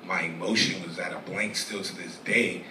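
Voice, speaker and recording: A young man telling a personal story as a guest in a live interview, rambling and profane with halting restarts. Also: low-pitched, fairly even intonation, noisy background. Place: live venue stage. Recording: echoey room, distant mic, audience ambience.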